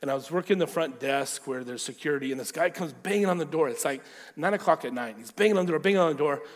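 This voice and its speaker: A man preaching a sermon through lively personal stories, acting out the voices in them. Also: on the high side, fast talker, big-room sound. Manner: animated storyteller, acting out quotes. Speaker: pastor. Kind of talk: storytelling sermon.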